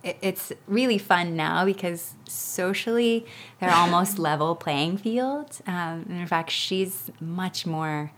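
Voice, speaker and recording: A woman in her thirties chatting as a guest, telling lively stories and acting out what others said. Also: on the low side, slow, hardly any pauses. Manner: animated storytelling with laughs and acted-out quotes. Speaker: guest parent. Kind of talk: casual interview chat.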